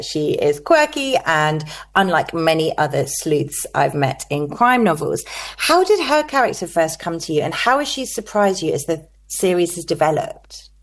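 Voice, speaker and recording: A woman interviewer asking an author questions with enthusiasm. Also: low-pitched.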